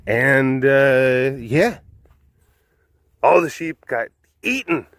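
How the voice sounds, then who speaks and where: A man's voice: medium pitch, animated, takes it slowly, pauses often, fairly bright tone, no echo. A man casually retelling old fables, rambling and full of filler words. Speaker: host. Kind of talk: casual storytelling.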